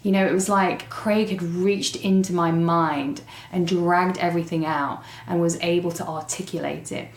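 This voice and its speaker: Lowish English woman telling her story. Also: normal speed, hardly any pauses. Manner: animated storytelling with fillers and laughs. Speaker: guest. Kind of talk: personal recovery story. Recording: roomy echo.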